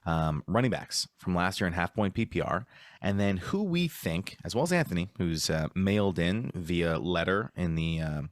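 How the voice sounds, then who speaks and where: Low-voiced guy hosting a podcast, laid back and kinda rambly, dry close sound. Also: lively intonation, moderate pace, no room sound. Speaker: podcast host. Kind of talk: casual podcast chat.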